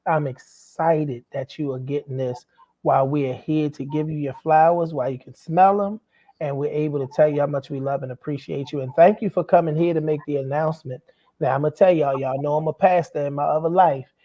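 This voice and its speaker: A joking man with a Baltimore accent hosts a talk show, mixing teasing with preacher-style sayings. His voice sits a bit high for a man, and the recording sounds somewhat dull and muffled. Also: steady tone, fairly quick. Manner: joking, warm-hearted, preacherly asides. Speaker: talk show host and pastor. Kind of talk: casual talk-show chat.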